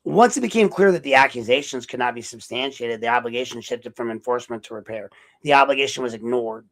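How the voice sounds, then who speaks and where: A podcast host and investigative journalist delivers a rambling, sarcastic solo monologue full of profanity and frequent self-corrections. He talks fast in a mid-range, slightly bright voice, and the recording is rough.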